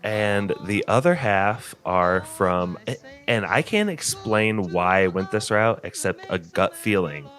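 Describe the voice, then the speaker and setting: A man's voice: low-pitched, slow, few pauses, fairly bright tone. A man with a Northern Indiana accent who hosts a podcast and runs a trivia game with energy, often laughing as he talks. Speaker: podcast host. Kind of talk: casual chat.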